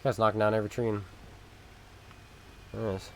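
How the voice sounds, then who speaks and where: A man with a fairly low voice talks through his tank battles as a livestream commentary. He is sarcastic and exasperated with his teammates, speaking into a desk microphone. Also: little pitch movement, quick pace, slight background noise. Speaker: game streamer. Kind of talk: casual gameplay commentary.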